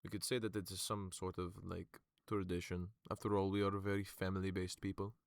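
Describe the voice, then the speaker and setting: Man as a calm scheming noble, measured, low voice, dry sound. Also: vocal fry, clean tone, no room sound. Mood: persuasive.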